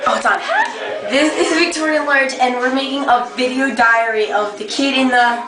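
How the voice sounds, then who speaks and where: A woman's voice: sits high, fairly even intonation, normal speed. A woman chatting playfully for a home video, giggling and whispering asides. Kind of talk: casual home video chat. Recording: echoey room with loud crowd noise.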